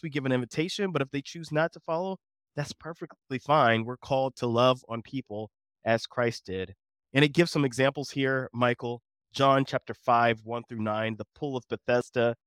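A man's voice: medium pitch, no echo, studio quality. A man co-hosting a Bible lesson discussion, talking in an earnest, emphatic, preacherly way. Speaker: co-host of a Bible study show.

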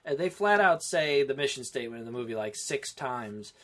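A man co-hosting a casual film podcast, talking in a rambling, animated way and often breaking off and restarting mid-sentence. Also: medium pitch, brisk. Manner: rambling, animated, self-interrupting. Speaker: podcast co-host.

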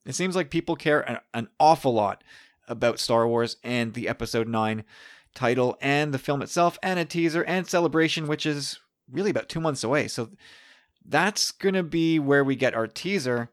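A man hosting a podcast in casual, excitable chat, often restarting his sentences. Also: mid-range voice, normal speed. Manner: chatty, excitable, with frequent restarts. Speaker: podcast host.

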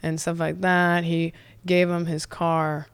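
Chill san diego woman on a podcast, lowish smooth voice, swears a lot, laughs a lot. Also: level tone, takes it slowly. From San Diego, USA. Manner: laid-back storytelling, swears freely, laughs often. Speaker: podcast guest. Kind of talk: casual chat.

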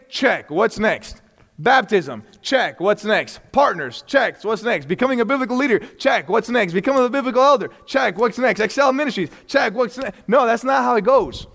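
A man's voice: sits high, creaky, a bit bright, in a large hall. A man teaching a church class in a casual, earnest way, asking rhetorical questions and chuckling between points.

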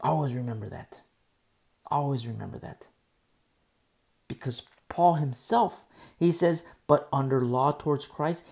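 Very deep-voiced woman preaching. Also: vocal fry, warm tone. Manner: emphatic, rhetorical, repeats key phrases, asks "You see?". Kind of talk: verse-by-verse Bible teaching.

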